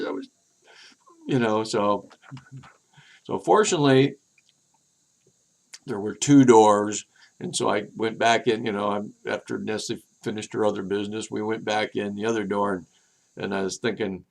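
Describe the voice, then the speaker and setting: An older man hosting his own video show, telling rambling personal stories in a chatty, meandering way with many restarts, and getting animated when he quotes other people. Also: fairly low pitch, moderate pace, vocal fry. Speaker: vlog host.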